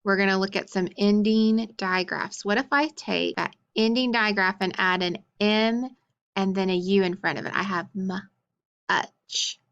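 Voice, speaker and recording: A woman teaching a phonics lesson to young children, slowly sounding out letters and praising each answer. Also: medium pitch, steady tone, clear, resonant tone, dull audio. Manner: slow, encouraging, sounds out letters.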